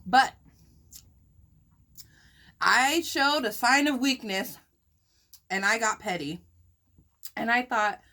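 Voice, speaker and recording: A woman's voice: fairly high pitch, expressive, takes it slowly, long pauses, bright, forceful tone. Sassy chatty woman vlogger telling a story. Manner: chatty, sassy storyteller full of "like" and "girl, bye". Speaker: mukbang vlogger. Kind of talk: casual storytime while eating.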